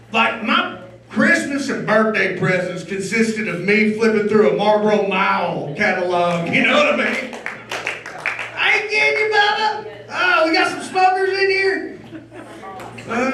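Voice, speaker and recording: This rowdy male comic, with an extremely high-pitched voice, works a comedy club stage in a loud, crude, crowd-baiting stand-up set. The recording is echoey and roomy, picked up from a distance.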